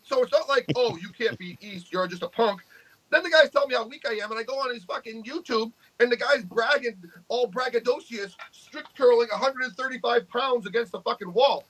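A man's voice: very high voice, a little fast, fairly bright tone, low-quality recording. A man, co-hosting a podcast with brash, profane trash talk. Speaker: podcast co-host, arm wrestler. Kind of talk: casual podcast chat.

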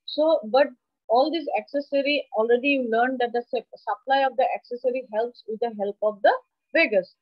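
A woman lecturing on anatomy in an online class, with a fairly high voice and a steady teaching manner. She often checks in with the class as she explains. The audio is dry and dull, like a lo-fi video call mic. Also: normal speed, no echo. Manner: explanatory, asks the class questions. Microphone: computer mic on a video call.

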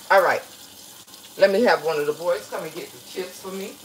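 A woman's voice: medium pitch, expressive, brisk, a bit bright, slight background noise, rough recording. A woman, chatting playfully to viewers as she cooks in her home kitchen. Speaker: home cook hosting a recipe video. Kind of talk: casual cooking vlog chat to viewers.

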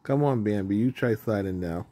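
A man's voice: fairly low pitch, moderate pace, warm tone, close to an everyday voice. A man voicing an eager, cheerful young male rabbit while reading a storybook aloud, with a bouncy, coaxing manner.

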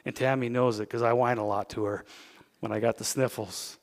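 A man with a Canadian accent, a pastor preaching a sermon, who swings from loud, emphatic peaks down to hushed, intimate asides. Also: medium pitch, steady tone, fairly quick, big-room sound. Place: church sanctuary.

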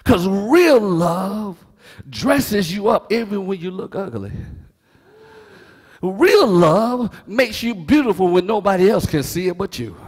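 Animated high-voiced preacher, husky, echoing hall. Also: male voice, slow pace. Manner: animated preaching, swings from hushed to shouting; folksy, joking storytelling. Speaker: pastor. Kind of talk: sermon.

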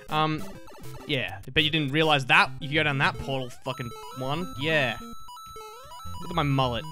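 Bright-voiced gaming host. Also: male voice, mid-range voice, normal speed, faint music behind. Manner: crude, profane and jokey. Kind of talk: casual gameplay commentary.

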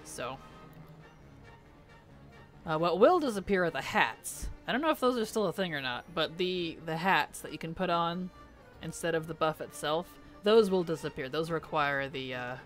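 A woman's voice: low-pitched, lively intonation, moderate pace, soft background music. Chatty woman streaming a game. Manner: chatty, reads chat aloud and answers, laughs often. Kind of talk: casual live-stream chat while gaming.

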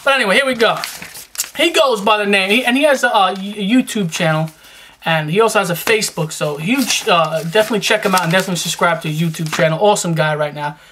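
Fast, pushed and bright, a young New York man's high voice comes through with slight background noise. He keeps reptiles and gives shout-outs on YouTube, in a casual, rambling, slangy vlog style full of fillers and restarts.

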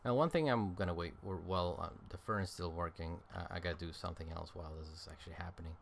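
A man with a deep, gravelly voice speaks quickly over a faint hiss or hum. As a game streamer, he offers casual let's-play commentary that wanders, packed with ums and uhs as he thinks out loud. He seems tired and keeps yawning.

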